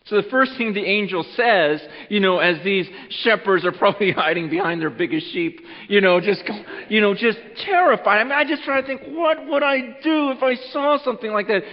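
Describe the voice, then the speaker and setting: A man preaching an earnest Christmas Eve sermon. He repeats words as he goes and swings between loud urging and a hushed voice. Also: high voice, normal speed. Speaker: pastor. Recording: muffled sound with long hall reverb.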